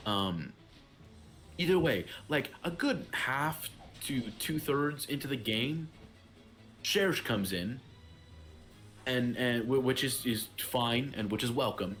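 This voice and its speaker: A man's voice: medium pitch, animated, measured pace, a bit bright, faint music behind. A young man hosting a let's-play, chatting casually and rambling with lots of filler words. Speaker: gaming channel host.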